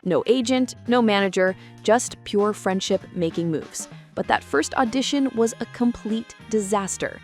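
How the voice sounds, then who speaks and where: A woman's voice: mid-range voice, animated, measured pace, hardly any pauses, faint music behind. Woman narrating with dramatic teasers. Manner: dramatic, teasing build-up. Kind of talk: scripted documentary narration.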